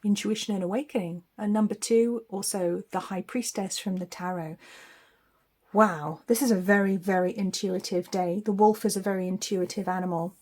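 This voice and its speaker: A woman's voice: medium pitch, fairly even intonation, moderate pace, a little mellow. A woman giving a weekly psychic tarot forecast in a chatty, spiritual way, laughing often.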